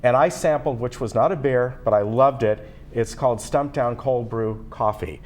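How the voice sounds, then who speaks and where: A man's voice: medium pitch, normal speed, a little mellow. A man hosting a local television show, chatting upbeat and promotional with a guest. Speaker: TV show host. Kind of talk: local TV interview chat.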